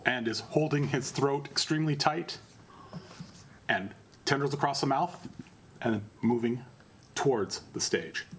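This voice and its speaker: A man's voice: mid-range voice, a little hiss or hum. Man narrating as game master. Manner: relaxed, halting narration with fillers. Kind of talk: narrating a tabletop role-play game.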